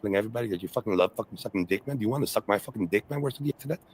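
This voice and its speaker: Low-voiced fast-talking ranting man. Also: expressive, a little hiss or hum, rough recording. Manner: profane, repetitive, full of fillers and "okay"s. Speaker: streamer in a replayed stream clip. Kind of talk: rambling livestream rant.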